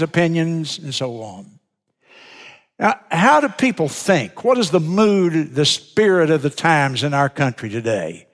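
A man preaching a sermon as pastor, emphatic and repeating key phrases for weight. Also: on the high side. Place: church sanctuary. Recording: broadcast sermon with long hall reverb.

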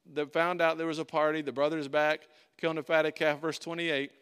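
A man with a fairly high voice preaches a sermon. He reads scripture aloud and comments on it. His delivery swings between loud, emphatic lines and soft, hushed passages. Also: level tone, fairly quick, clear, resonant tone. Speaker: pastor.

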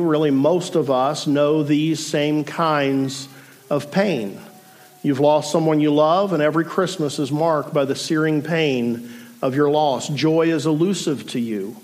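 High-voiced pastor preaching earnestly. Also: male voice. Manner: earnest, measured preaching with pauses and asides. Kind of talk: sermon.

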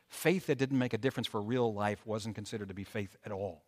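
A man preaching a sermon in an animated way, with frequent restarts and loud, dramatic scripture readings. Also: fairly low pitch, a little fast, few pauses. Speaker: pastor. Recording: long hall reverb.

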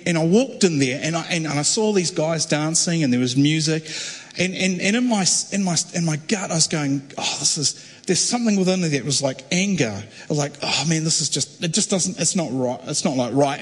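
A man preaching, telling a story in a conversational sermon style with halting restarts that builds to fervent emphasis. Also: fairly high pitch, breathy edge. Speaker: pastor. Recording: long hall reverb.

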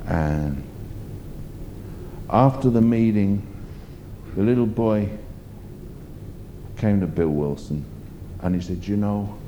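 A man's voice: on the low side, slow, long pauses, warm tone, lo-fi sound, slight background noise. A man preaching a sermon, emphatic and rambling as he tells stories. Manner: emphatic, rambling storytelling with fillers.

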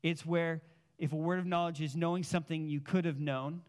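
A man preaching a sermon as a pastor, telling personal stories in an animated, casual way with plenty of filler words. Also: fairly high pitch, fairly quick.

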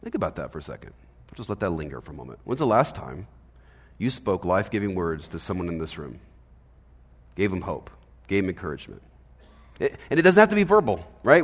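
A man preaching a sermon as pastor, conversational and animated, often checking in with "right?". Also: on the low side, big-room sound. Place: church hall.

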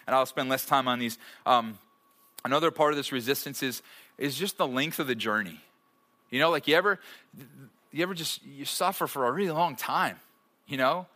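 Guy in his 30s preaching at church, keeps asking right?, cracks jokes, bright sharp voice. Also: mid-range voice. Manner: conversational, with rhetorical "right?" checks and humorous asides. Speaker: pastor. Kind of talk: sermon. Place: church service before a live audience.

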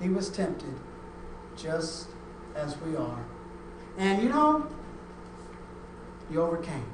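A middle-aged pastor delivers a sermon in a church sanctuary, slipping from gentle storytelling into loud, emphatic preaching. The voice is distant from the mic and washed in heavy room echo, with a faint ambient hiss behind it, and the delivery is unhurried. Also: mid-range voice, big pitch swings. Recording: echoey room, mic far off.

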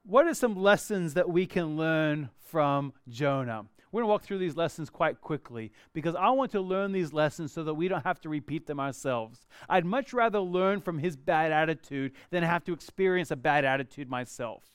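High, clear-voiced male preacher. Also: moderate pace, few pauses, dry recording, clean studio sound. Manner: expressive preaching, rising to emphatic bursts when reading scripture. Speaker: pastor. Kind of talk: sermon.

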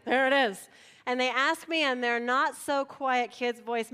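Animated woman pastor telling a story. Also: sits high, unhurried, clean tone. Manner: animated storytelling, acts out voices. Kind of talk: sermon.

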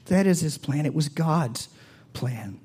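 A man preaching a sermon with an American accent, earnest and full of rhetorical questions, rising loud and then dropping to a hush. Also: a little high, animated, slow, slightly rough. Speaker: pastor.

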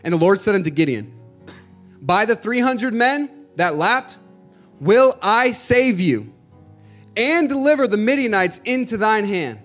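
Preaching man with a fairly high voice. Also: expressive, measured pace, soft background music. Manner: rises from quiet teaching to loud, urgent exhortation; calls out "hey" to the congregation. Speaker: pastor. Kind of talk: sermon.

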